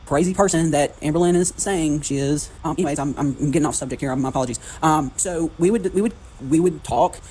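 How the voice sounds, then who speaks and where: Guy talking real fast in a storytime vlog, lots of ums, slightly high voice. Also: darkish tone, a little hiss or hum, low-quality recording. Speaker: video subject telling his story.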